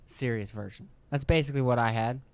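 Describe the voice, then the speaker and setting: Young guy from rural pennsylvania cussing and rambling about his day, smooth voice, dry close sound. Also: medium pitch, a little mellow, no echo. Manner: profane, joking, acts out his kids and himself in quick voices. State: throat clearing, phlegmy. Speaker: podcast host. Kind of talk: casual rambling monologue.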